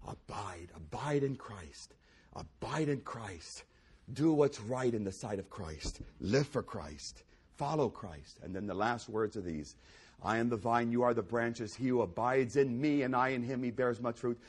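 A pastor preaching a sermon, swinging between loud exclamations and hushed near-whispers and repeating key phrases for emphasis. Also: male voice, medium pitch, slightly rough.

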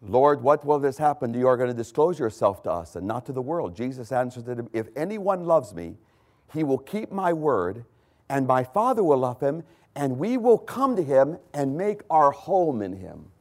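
A man preaching a sermon, swinging from loud emphatic lines to hushed ones and pausing to correct his own slips. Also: medium pitch, big pitch swings. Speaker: pastor.

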